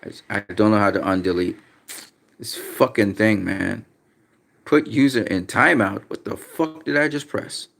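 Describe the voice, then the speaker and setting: This man's fairly low, gravelly voice has a slight brightness, and he talks at a moderate pace. On his casual livestream about boxing he reads viewer comments, cursing freely, speaking bluntly and getting annoyed easily.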